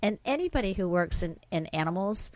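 A woman's voice: medium pitch, lively intonation, a little fast, dry recording, rough recording. A woman reading pet news on a radio show and giving her frank opinions as co-host. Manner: crisp news read, then frank and opinionated.

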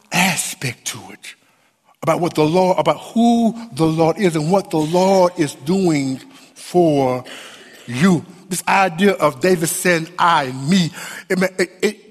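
A man preaches a sermon in a high, ringing voice, taking his words slowly. He leans into repeated phrases and lifts key words into a sung rise. His voice carries a long reverb, as in a large church. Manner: emphatic preaching with many repetitions and sung rises. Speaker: pastor.

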